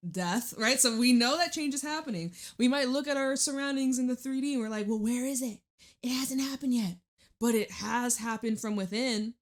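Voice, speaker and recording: A woman doing a casual tarot reading, chatty, laughing often and swearing freely. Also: lowish voice. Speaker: tarot reader.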